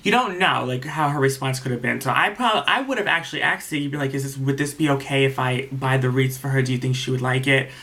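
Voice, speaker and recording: A man's voice: medium pitch, fast, hardly any pauses, bright, forceful tone. A man recapping a reality show episode in a casual, rambling way, retelling what the cast said and openly taking sides, with many ums and restarts.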